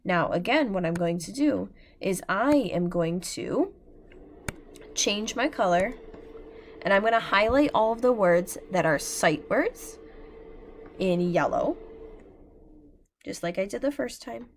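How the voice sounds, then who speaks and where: An American woman teacher giving a patient, slow phonics lesson over a shared screen, sounding out words letter by letter. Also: medium pitch, expressive, slight background noise.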